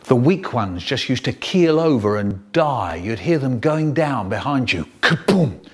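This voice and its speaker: A man performing a children's story aloud in an animated, theatrical way, with punchy sound effects. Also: mid-range voice, unhurried, husky.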